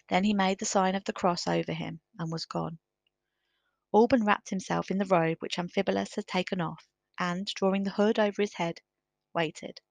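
Woman narrator, storybook reading, gravelly low voice, dry close sound. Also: steady tone, darkish tone, no echo. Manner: measured, careful reading.

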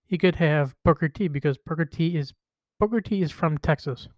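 A man's voice: on the high side, moderate pace, a little mellow, no echo. A man hosting a casual wrestling podcast, rambling through retold quotes with frequent restarts. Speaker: podcast host.

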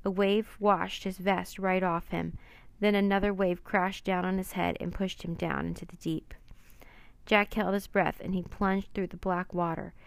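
A woman reading a children's adventure book aloud with expressive, dramatic narration. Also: on the low side, a little slow, gravelly, no room sound. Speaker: storyteller.

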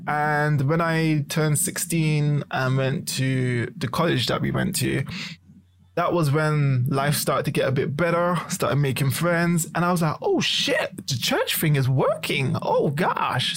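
A young man telling a story in casual chat, animated and swearing freely. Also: mid-range voice, gravelly, slight background noise. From London.

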